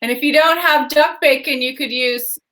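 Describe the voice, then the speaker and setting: A woman's voice: high voice, moderate pace, a bit bright. A woman co-hosting a casual cooking show from a bedroom over a video call, playful and enthusiastic, laughing easily. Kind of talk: casual chat. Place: corner of a bedroom.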